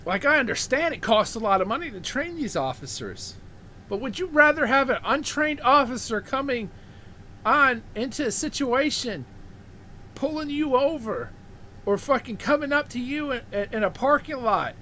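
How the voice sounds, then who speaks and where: A man's voice: very high voice, animated, normal speed, bright, forceful tone, slight background noise. A man hosting his own show, delivering a heated, profane ranting monologue and repeating words when worked up. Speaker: show host.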